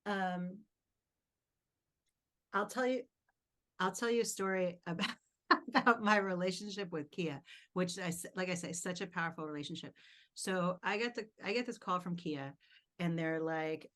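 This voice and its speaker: A woman on a conference panel telling a personal story with lively energy, acting out her own surprised reactions. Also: fairly low pitch, brisk. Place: conference room.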